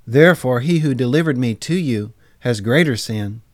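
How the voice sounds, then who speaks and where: A man reading a calm, composed prisoner on trial. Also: mid-range voice, moderate pace, dry recording, clean studio sound, natural voice. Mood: solemn. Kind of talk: dramatized scripture reading.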